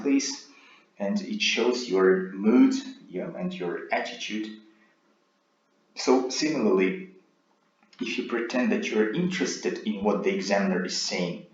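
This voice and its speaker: A man giving a recorded speaking lesson as a teacher, explaining in a measured way and checking in with "right?". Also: fairly low pitch. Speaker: IELTS teacher. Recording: roomy, dull lo-fi sound.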